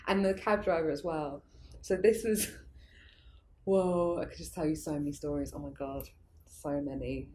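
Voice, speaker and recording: In a deep, steady, unhurried voice with a slight hiss or hum behind it, a young woman guest tells stories during an interview. The founder of an arts project, she rambles casually, restarts often, fills gaps with fillers, and laughs frequently.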